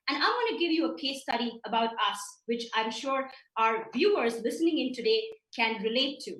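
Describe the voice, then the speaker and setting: A woman's voice: high-pitched, a bit bright, distant mic. A woman giving an emphatic business presentation over a video call, walking through her slides. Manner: emphatic, with some restarts. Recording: roomy, from off the mic.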